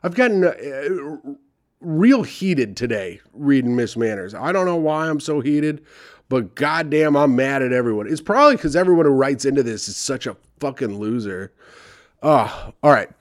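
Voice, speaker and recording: A man's voice: medium pitch, animated, normal speed. Sarcastic young man ranting profanely. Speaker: comedy podcast host reading advice columns. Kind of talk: comedic reading with profane commentary.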